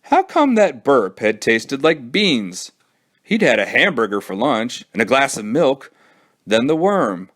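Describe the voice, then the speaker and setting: A man who is a children's librarian, reading a storybook aloud with an expressive storytelling manner. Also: mid-range voice, measured pace.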